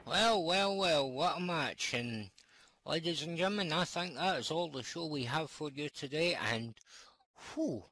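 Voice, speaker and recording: A man giving excitable, rambling play-by-play commentary on a wrestling match. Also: a little high, a little slow, dry recording, low-quality recording.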